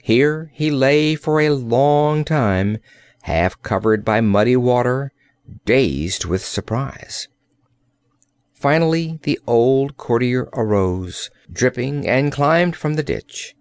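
Male narrator, slow and animated, dry close studio sound. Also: mid-range voice, clean tone, no echo. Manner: expressive storytelling. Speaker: audiobook narrator. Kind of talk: scripted narration.

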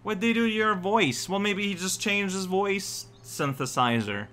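A man's voice: high voice, unhurried, a bit bright. A man with a Quebec French accent giving rambling, joking gameplay commentary, sometimes singing snatches of songs. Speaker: let's play host. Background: game music.

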